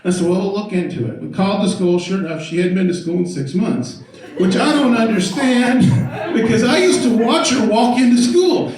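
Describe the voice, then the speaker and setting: A middle-aged man doing stand-up, telling a story about his daughter and acting out loud quotes, often laughing as he talks. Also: very high-pitched. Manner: animated, loud acted-out quotes, laughing through lines. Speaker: stand-up comedian. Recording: echoey room, far from the mic, loud noise.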